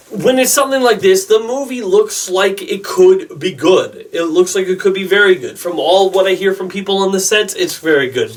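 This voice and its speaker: Chatty excitable young man vlogging movies. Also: a little high, far from the mic. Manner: chatty, excitable, rambling with asides. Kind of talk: casual opinion vlog.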